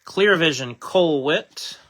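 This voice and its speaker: A man's voice: a little high, animated, slow, fairly bright tone. A man hosting a live trading-card break, casually chatting while he reads out each card he pulls.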